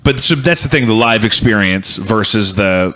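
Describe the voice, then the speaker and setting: A man's voice: lowish voice, lively intonation, moderate pace, sharp tone. A man hosting a podcast in a home studio, talking through ideas in long, thoughtful, rambling explanations. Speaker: podcast host. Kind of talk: casual chat.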